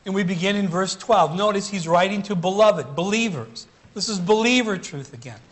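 A man delivers a sermon with a notably high-pitched voice. He preaches earnestly and emphatically, stretching out key phrases to drive them home. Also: normal speed.

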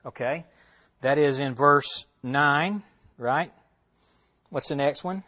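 Man, pastor, expository sermon, slightly raised pitch, conversational, asks questions, restarts words. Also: slow, pushed and bright. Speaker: pastor teaching a Bible study.

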